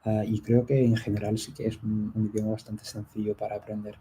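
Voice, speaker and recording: A man's voice: fairly low pitch, flat delivery, fast talker, mellow, slight background noise, rough recording. A man hosting a live stream, answering viewer questions in a casual, chatty way with frequent ums and restarts. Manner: chatty, many ums and restarts, light laughs.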